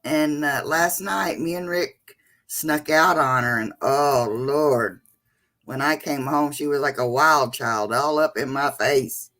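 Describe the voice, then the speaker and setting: A middle-aged woman hosts a casual livestream, chatting away and greeting viewers by name with endearments like "sweetheart" and "honey." Her voice is low and slow with a fairly bright tone.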